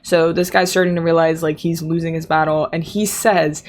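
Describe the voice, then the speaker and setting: A woman's voice: sits low, little pitch movement, normal speed, hardly any pauses. A woman hosting a podcast, telling a story in casual chat, exasperated and swearing freely, and acting out the people in it. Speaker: podcast host.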